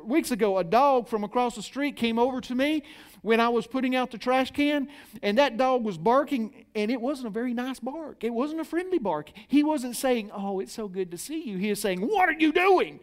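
A high-pitched middle-aged male pastor delivering a lively sermon. He plays out the voices of the people in the story and pulls the congregation in with call-and-response. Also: brisk.

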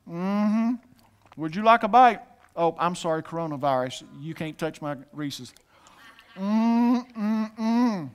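A male pastor, an adult with a son, preaches in a high, smooth voice. He has the congregation repeat after him and slips in jokes between his points.

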